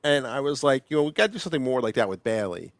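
A man co-hosting a podcast in casual chat, talking in halting bursts with lots of fillers and restarts. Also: medium pitch, animated, dry recording. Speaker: podcast co-host.

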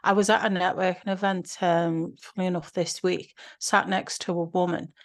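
A woman appearing as a podcast guest, speaking in a slightly low voice. She chats in a relaxed, easygoing way and drifts naturally into anecdotes. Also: normal speed. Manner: chatty, relaxed anecdotal storyteller. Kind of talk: casual conversation.

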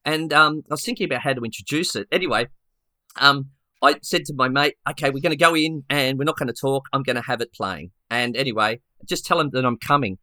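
A man co-hosting a podcast, telling a story in a lively, casual way with many restarts and acted-out quotes. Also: medium pitch, fairly quick, no room sound, clean studio sound. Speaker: podcast co-host.

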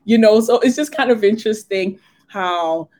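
Animated mother telling family stories. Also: medium pitch, normal speed. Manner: animated storyteller, acts out quoted voices. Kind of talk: casual faith discussion.

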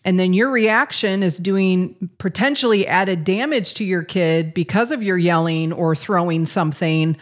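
A woman's voice: lowish voice, measured pace, hardly any pauses. A middle-aged woman co-hosting a podcast, talking candidly in a casual way and laughing at herself now and then. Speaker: podcast co-host, parent.

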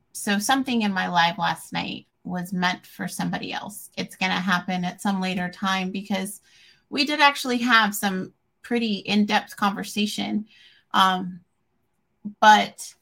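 A woman's voice: medium pitch, creaky, a bit bright. A woman in her forties who hosts her own show, chatting openly and emotionally with frequent ums. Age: 40s. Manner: candid and emotional, with frequent ums and self-restarts. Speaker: podcast host. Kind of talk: casual chat.

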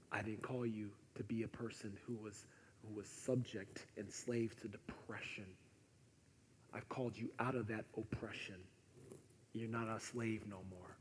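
A preacher voicing a calm, stern divine voice. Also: male voice, on the low side, lightly acted. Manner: firm, quiet, rebuking. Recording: echoey hall with faint noise.

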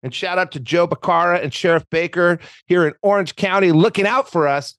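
A man's voice: high voice, brisk, fairly bright tone, dry recording, studio quality. A middle-aged man hosting a podcast, talking in a playful, teasing, rambling way. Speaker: podcast host. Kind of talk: casual interview chat.

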